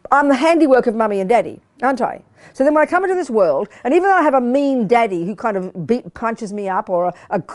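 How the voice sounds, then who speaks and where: An older woman giving a Buddhist teaching to a study group, emphatic and full of rhetorical questions to the audience. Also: on the high side. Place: meditation hall in a study center.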